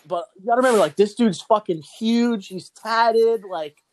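Dude with a pretty high voice telling a long swear-heavy story, says like a lot. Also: male voice, normal speed, slight background noise, low-quality recording. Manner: profane, rambling, laughs often; fillers "like" constantly. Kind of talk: casual storytelling chat.

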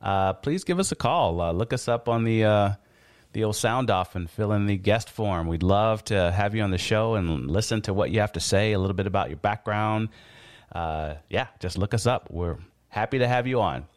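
A man hosting a podcast, upbeat and quick with reactions. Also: on the low side, expressive, no room sound, clean studio sound. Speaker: podcast host. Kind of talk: casual interview chat.

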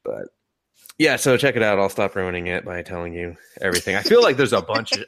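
A man co-hosting a podcast, retelling an anime scene with laughs, swearing and quick voice changes. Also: lowish voice, very animated, pushed and bright. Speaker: podcast co-host. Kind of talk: casual chat.

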